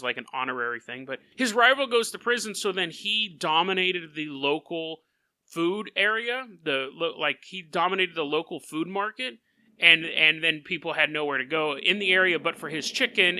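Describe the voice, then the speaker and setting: A podcast host tells a story in a high, very bright voice whose pitch swings widely, keeping things animated and often laughing mid-sentence. He's close on the mic in a dry room with no echo.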